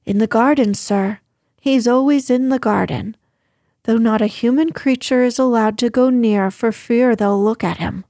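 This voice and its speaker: A woman's voice: on the high side, normal speed, mellow, dry recording, clean studio sound, lightly acted. A woman reading the lines of a flustered, deferential middle-aged housekeeper who speaks in a fussy, hesitant way. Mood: fussing.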